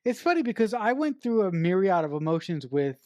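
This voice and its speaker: A podcast co-host reacting to a film in casual chat, speaking haltingly with fillers and restarts. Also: mid-range voice, big pitch swings, darkish tone, dry recording.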